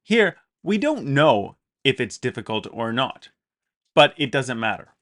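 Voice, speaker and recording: A man teaching an English grammar lesson, explaining with clear emphasis and repeated example sentences. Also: medium pitch, sing-song, unhurried, a bit bright.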